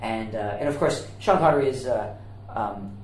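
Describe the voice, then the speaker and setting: A man co-hosting a casual podcast, telling stories slowly with lots of fillers and restarts. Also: fairly low pitch, roomy sound, a little hiss or hum, rough recording. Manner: rambling, hesitant storyteller with many fillers. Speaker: podcast co-host. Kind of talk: casual chat.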